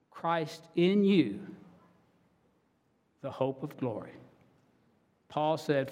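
A middle-aged married man preaching a sermon, telling stories earnestly and swinging between loud and soft. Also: mid-range voice, moderate pace, long pauses, long reverb tail. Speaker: pastor.

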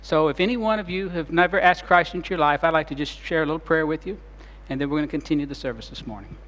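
A man preaching a sermon as pastor, retelling scenes dramatically and shifting between loud and soft delivery. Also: a little high, fast, long reverb tail.

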